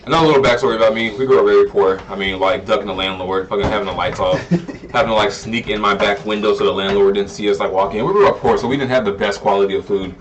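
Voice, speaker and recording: A man's voice: fairly low pitch, fairly even intonation, highs cut off, a little hiss or hum. A young man from the US South, a cook chatting casually and swearing freely as he explains his cooking. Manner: rapid, profane, laid-back. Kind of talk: casual chat while cooking. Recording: distant mic with faint room ambience.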